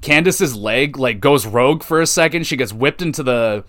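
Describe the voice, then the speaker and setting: Animated and eager, a male podcast host runs through a casual wrestling recap, tossing in quick quoted voices. His voice sits mid-pitch and a bit bright, close and dry on the mic with no room sound.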